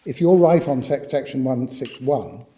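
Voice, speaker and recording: A man's voice: medium pitch, expressive, warm tone. A man in a courtroom, a judge putting short, terse questions and acknowledgements to counsel. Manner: brisk, terse interjections. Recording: long hall reverb.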